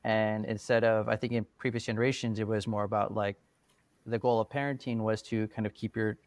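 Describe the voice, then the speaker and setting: Man, interview guest, thoughtful, gravelly, low pitch. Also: level tone, fairly quick, dry recording. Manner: thoughtful, searching for words. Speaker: guest, relationship coach. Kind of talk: interview answers.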